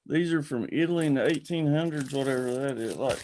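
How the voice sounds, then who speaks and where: A man's voice: mid-range voice, fast, darkish tone. A man hosting a casual livestream, rambling and greeting viewers by name. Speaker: livestream host.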